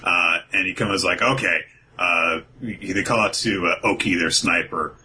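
This podcast host speaks at normal speed in a low-pitched voice, with poor audio and a bit of background noise. He summarizes a manga's plot in a laid-back chat, acting out the characters' lines with laughter and animation.

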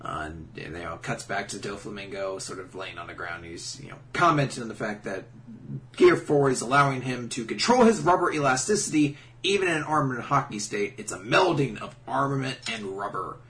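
A man's voice: medium pitch, fairly quick. A man co-hosting a casual podcast, recapping comic chapters and acting out characters' lines. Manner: animated, acts out character lines in silly voices. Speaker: podcast co-host. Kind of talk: casual manga recap chat.

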